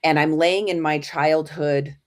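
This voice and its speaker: A woman with a low voice tells a personal story as an interview guest. She talks casually, with fillers and restarts. She jumps into lively acted voices when she quotes people. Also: a little slow. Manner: animated storyteller who acts out quoted voices.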